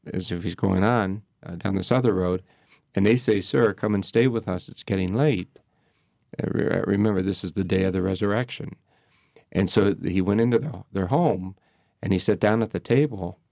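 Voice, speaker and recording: A man speaking as a priest, reflecting on prayer in slow, measured phrases with pauses. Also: deep voice, vocal fry, darkish tone, no echo, clean studio sound. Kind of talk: reflective spiritual talk.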